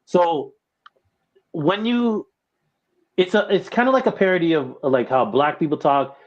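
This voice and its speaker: Easygoing co-host with a slightly high voice, muffled mic. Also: male voice, expressive, measured pace. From Toronto, Canada. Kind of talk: casual chat.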